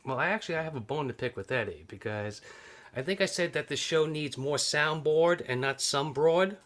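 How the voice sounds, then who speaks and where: Male regular co-host, bright tense voice, quick to joke. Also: on the high side, lively intonation. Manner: joking, laughing often. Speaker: podcast co-host. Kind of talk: casual podcast chat.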